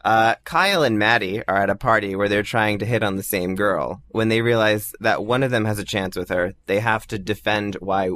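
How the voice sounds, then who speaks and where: A man's voice: lowish voice, normal speed, hardly any pauses, fairly bright tone. A man hosting a podcast improv game, easygoing and often stumbling or chuckling. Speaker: podcast host running a game. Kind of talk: casual podcast chat.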